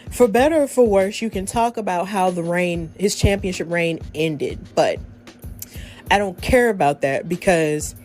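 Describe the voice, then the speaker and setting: Earnest woman podcast host, faint music. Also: mid-range voice. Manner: emotional, earnest and animated, with laughter. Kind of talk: personal storytelling.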